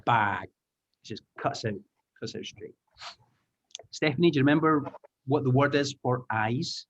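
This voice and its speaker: A man's voice: medium pitch, a little slow. Upbeat male trainer on a muffled call. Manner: upbeat, encouraging, explains step by step. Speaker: English teaching trainer. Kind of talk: online taster class. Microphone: video call. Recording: muffled video-call audio.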